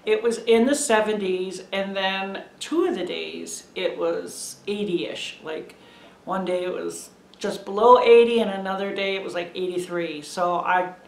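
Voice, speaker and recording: A woman's voice: medium pitch, a little slow, gravelly. A middle-aged woman chatting to camera in a meandering, gushing way from a room at home. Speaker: homesteading vlogger. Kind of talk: casual chat to camera. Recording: echoey room.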